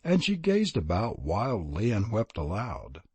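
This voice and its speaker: A man giving scripted audiobook narration in a measured storytelling manner, with a husky voice. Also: fairly low pitch, wildly swooping pitch, darkish tone, no room sound.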